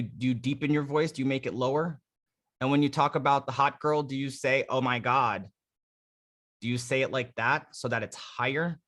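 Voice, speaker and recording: A man's voice: medium pitch, a bit bright. Emphatic male dating coach teaching voice. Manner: emphatic, conversational, demonstrates vocal techniques. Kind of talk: live coaching session on vocal delivery.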